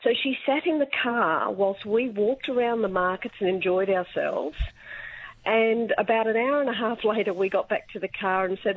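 A woman's voice: medium pitch, moderate pace, husky, phone-quality sound. An Australian woman in her fifties phoning a radio show, telling a story in a chatty, amused way. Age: 50s. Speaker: radio caller. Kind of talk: phone-in reminiscing.

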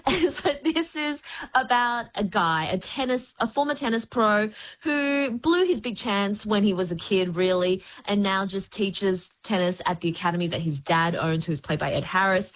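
A woman reviewing screen shows in a casual radio chat. Her voice sits at a middle pitch, and she explains things in an articulate way with lively emphasis. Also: rough recording. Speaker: screen critic.

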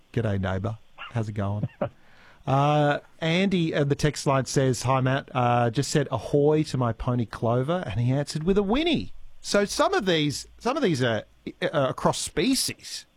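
A man's voice: on the high side, no echo. An Australian man hosting a regional radio morning show, talking casually with lots of fillers and restarts, reading out listener texts. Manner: chatty, stumbling restarts and fillers. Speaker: radio host. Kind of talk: live radio chat and links. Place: radio studio. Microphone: studio microphone.

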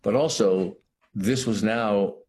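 Low, halting man musing in an interview. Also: darkish tone, a little hiss or hum. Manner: thoughtful, halting, many restarts and "you know". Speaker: actor, interview guest. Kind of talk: reflective interview talk.

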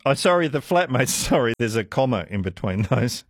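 A man's voice: medium pitch, expressive, normal speed, hardly any pauses, no room sound, clean studio sound. A middle-aged man hosting a radio music quiz, rambling and self-deprecating in casual chat.

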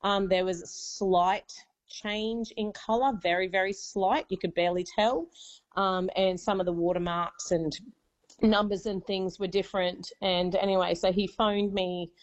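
A woman's voice: mid-range voice, fairly even intonation, unhurried. Australian woman in her forties, radio caller, rambling and chatty, muffled line. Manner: chatty, many fillers, becomes emotional. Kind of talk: telling a personal story on radio.

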